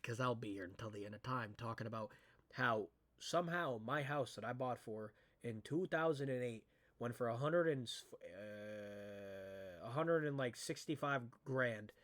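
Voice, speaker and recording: A man giving casual reaction commentary as a streamer, excitable and ranting back at the screen. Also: mid-range voice.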